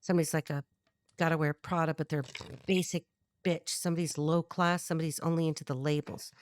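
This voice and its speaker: Low-voiced woman giving a rambling tarot reading. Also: level tone, fast talker, no echo. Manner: rambling, blunt, thinking aloud with frequent restarts. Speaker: tarot reader. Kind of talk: channeled tarot reading to camera.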